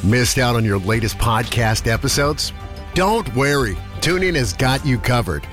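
A man's voice: medium pitch, animated, normal speed, fairly bright tone, soft background music. Upbeat male promo announcer. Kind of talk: scripted promo read.

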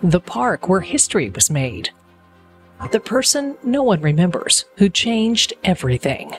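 A narrator reading a measured, evocative promo script. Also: medium pitch, sing-song, faint music behind.

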